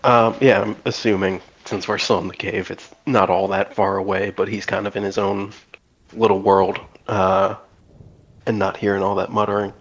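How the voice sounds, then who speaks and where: A man's voice: lowish voice, level tone, normal speed, dull audio. A man playing a tabletop game, describing his character's actions hesitantly with many fillers. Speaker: player.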